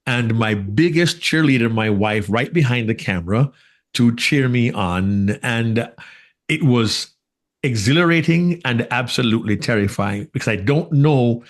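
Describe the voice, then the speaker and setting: A man with a Jamaican accent co-hosting a podcast interview, telling a lively story and laughing easily. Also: mid-range voice, a little slow. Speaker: podcast co-host. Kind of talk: casual interview chat.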